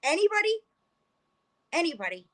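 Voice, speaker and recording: A woman's voice: very high-pitched, very animated, moderate pace. A woman reacting on a live stream, sarcastic, incredulous and profane.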